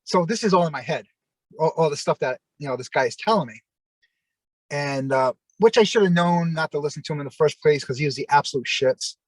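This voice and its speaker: A man with a fairly high, brisk voice, a former wrestler appearing as an interview guest, tells long, rambling anecdotes full of fillers and acted-out quotes in casual storytelling. There's no echo, but the recording is rough.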